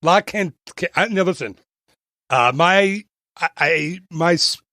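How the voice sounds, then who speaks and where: A man's voice: sits high, slow, bright, forceful tone, dry recording, clean studio sound. A man co-hosting a casual travel podcast, rambling and joking, often tripping over his words and restarting. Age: adult. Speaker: podcast co-host.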